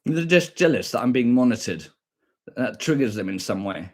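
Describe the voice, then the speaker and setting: A man's voice: mid-range voice, sing-song, normal speed, a little mellow. A young British man with a combative, profane manner, ranting back at viewers on a stream and repeating his points.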